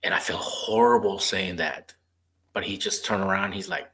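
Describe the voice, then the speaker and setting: Deep-voiced man hosting a podcast. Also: normal speed, a bit bright. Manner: storytelling, acting out quoted dialogue. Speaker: podcast host; former rehab therapist. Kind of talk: casual interview chat.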